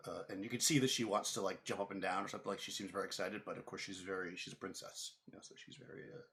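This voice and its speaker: A man narrating as game master of a tabletop game, talking in halting bursts with many fillers. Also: deep voice, steady tone, pushed and bright, a little hiss or hum.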